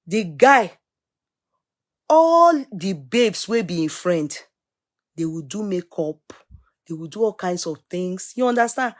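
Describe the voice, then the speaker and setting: Animated Nigerian woman ranting. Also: fairly high pitch. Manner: animated, switches between English and Yoruba, scolding asides. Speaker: vlogger. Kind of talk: opinionated casual rant.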